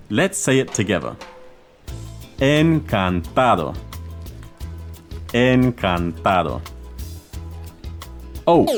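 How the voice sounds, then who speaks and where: A man hosting a scripted language lesson, theatrical and careful with pronunciation drills. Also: fairly low pitch. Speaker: language podcast host. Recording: faint music under the voice.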